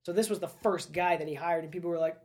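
A woman's voice: lowish voice, fast, darkish tone. A woman co-hosting a casual sports podcast, chatty and wry. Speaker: podcast co-host.

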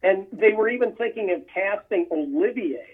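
A man's voice: high-pitched, lively intonation, normal speed, slightly rough. A man chatting casually about old films, rambling with many fillers and restarts. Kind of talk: casual film chat. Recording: tinny phone-line sound.

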